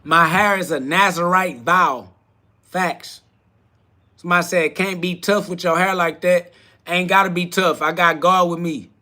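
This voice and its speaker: A man's voice: steady tone, a little slow, bright, forceful tone. A man hosting a live self-talk podcast, preaching in short repeated slogans and firing back at quoted critics in crude slang. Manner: voice cracks up into high shrieks when heated. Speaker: podcast host.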